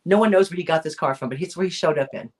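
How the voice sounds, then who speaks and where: A woman's voice: sits low, very fast, darkish tone. A woman co-hosting a weekly chat, telling a true crime story in a casual, rambling way, with lots of fillers and restarts. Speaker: co-host of a weekly chat show.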